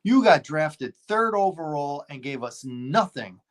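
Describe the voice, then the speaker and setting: A man's voice: fairly high pitch, expressive, unhurried. A man co-hosting a casual sports talk show, emphatic and exasperated, firing off rhetorical questions.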